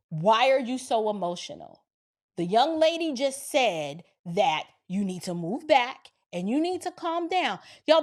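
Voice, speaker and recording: A woman from Georgia telling a story in lively casual speech, acting out the dialogue and talking to listeners as y'all. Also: high-pitched. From Georgia, near Atlanta. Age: adult with children. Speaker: storyteller recounting an encounter.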